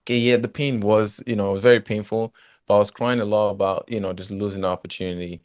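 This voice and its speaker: A former footballer, appearing as a guest in a casual interview, tells his story with animation and a steady stream of "you know." His voice is fairly low and quick, captured in studio quality with no room sound.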